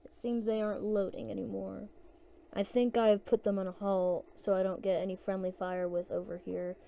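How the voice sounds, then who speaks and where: A woman's voice: mid-range voice, flat delivery, moderate pace, gravelly, warm tone. A woman giving casual gameplay commentary, rambling and hesitant as she thinks aloud.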